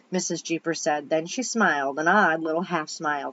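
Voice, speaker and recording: A woman reads a children's chapter book aloud in a relaxed, chatty way, tripping over a word now and then and fixing it. Her voice sits fairly low, and the recording sounds dull and lo-fi. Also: moderate pace, few pauses. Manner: casual and chatty, stumbles and corrects herself mid-sentence. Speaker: storybook reader.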